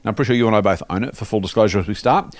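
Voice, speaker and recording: A man's voice: lowish voice, very fast. A man hosting a casual podcast, reading listener mail in a jokey, conversational way. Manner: jokey, conversational, lots of fillers. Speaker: podcast host.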